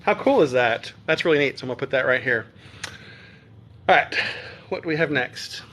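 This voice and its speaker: A man's voice: mid-range voice, moderate pace, fairly bright tone. A man streaming live as he unboxes a collectible box, talking in a chatty, upbeat way and thinking aloud as he goes. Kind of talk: casual live-stream chat.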